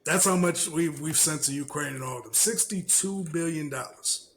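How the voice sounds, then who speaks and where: A man's voice: on the high side, normal speed, fairly bright tone, a little hiss or hum, low-quality recording. A man hosting a casual podcast, ranting in a heated, profane way and repeating himself. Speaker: podcast host.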